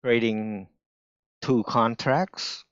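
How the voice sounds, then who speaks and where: Male streamer, non-native English with a strong accent, slow and halting, smooth voice, dry muffled audio. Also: medium pitch, fairly bright tone, no room sound. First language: not English. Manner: halting, restarts often, slow careful phrasing. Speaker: day trader streaming live. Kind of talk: casual live-stream talk.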